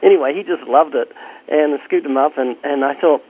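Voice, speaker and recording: A man's voice: on the high side, fairly quick, breathy edge. An older man, a street preacher, answering interview questions and telling stories, acting out both sides of his conversations with people. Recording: tinny phone-like sound.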